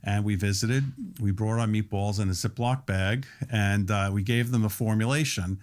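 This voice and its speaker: A man in his sixties speaks with a slightly low voice as a podcast guest. He explains things at length in a steady, detailed, conversational way, like a restaurant owner walking through how his business works. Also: normal speed. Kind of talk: podcast interview.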